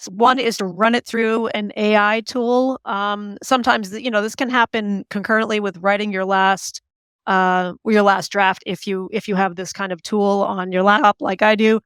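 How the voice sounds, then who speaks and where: A woman author as an interview guest, talking in an animated, chatty way with many fillers and restarts. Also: medium pitch, moderate pace, clean tone, no room sound. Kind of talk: conversational interview.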